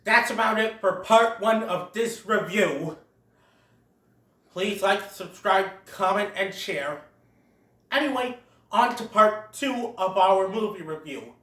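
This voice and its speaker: A movie reviewer chats and giggles through a cartoon film play-by-play, quoting its lines, in a mid-range voice that's slow and fairly bright. Recorded away from the mic, the room echoes.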